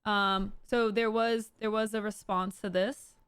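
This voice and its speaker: A woman's voice: medium pitch, flat delivery, unhurried, a bit bright, clean tone, dry recording. A woman streaming casual commentary, chatting straight to her viewers and stumbling and restarting words as she goes.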